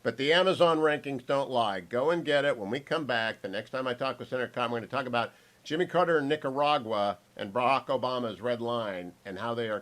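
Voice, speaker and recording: A man's voice: mid-range voice, fairly bright tone. Emphatic male radio talk host. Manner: emphatic, promotional, punchy delivery. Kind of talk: radio interview.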